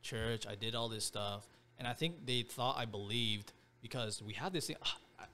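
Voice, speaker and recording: A man's voice: on the low side, normal speed, bright, forceful tone, a little hiss or hum. A man in his twenties, a podcast guest, telling a personal story in casual slang, leaning on "bro" and "like".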